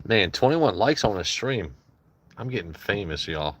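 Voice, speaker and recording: A man's voice: lowish voice, big pitch swings, unhurried, a bit bright, husky. A man hosting a casual livestream, rambling and joking with his chat in loose asides. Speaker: livestream host.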